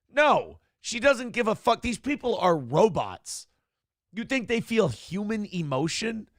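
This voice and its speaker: A man's voice: high-pitched, big pitch swings, measured pace, dry recording, studio quality. A man hosting a morning show, giving blunt, profane, ranting commentary on the news and reading out chat comments.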